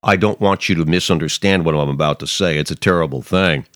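A man's voice: a bass voice, fairly quick, fairly bright tone, no room sound, clean studio sound. A middle-aged man hosting a podcast, giving rambling, emphatic political commentary with many restarts and mocking asides. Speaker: podcast host.

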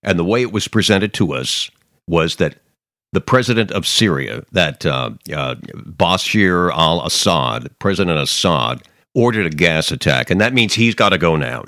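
A man's voice: sits low, lively intonation, normal speed, sharp tone, no echo, studio quality. A middle-aged man hosting a podcast, giving rambling, emphatic political commentary with many restarts and mocking asides. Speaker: podcast host.

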